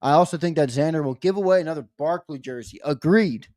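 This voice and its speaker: Ribbing, higher-voiced sports talk host. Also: male voice, fast talker, mellow. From Philadelphia area. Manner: ribbing, joking banter. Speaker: show host. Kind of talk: casual sports talk show.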